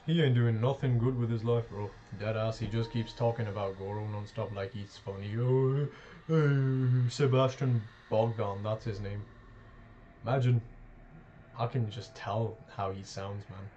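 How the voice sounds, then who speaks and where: A man's voice: on the low side, fairly even intonation, measured pace, dark tone. A man streaming gameplay live, talking with brash, profane trash talk. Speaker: game streamer. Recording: dull lo-fi mic with faint noise.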